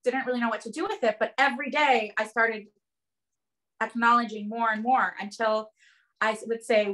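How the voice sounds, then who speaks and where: A woman's voice: a little high, moderate pace. A woman in casual conversation, earnestly telling a parenting story with lots of "like" and "um". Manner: earnest, animated storytelling with many "like" and "um". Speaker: guest sharing parenting experience.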